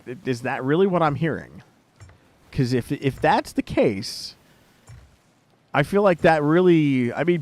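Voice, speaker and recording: A man streaming a game, chatting casually with a teammate, swearing and laughing as he retells a fight. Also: medium pitch. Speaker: gaming streamer. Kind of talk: casual chat while playing a game.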